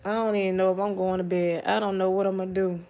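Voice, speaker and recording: Tearful soft-spoken woman, sighing. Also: medium pitch, level tone, fast talker. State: tearful, grieving. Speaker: livestream host talking to viewers. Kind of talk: casual live chat.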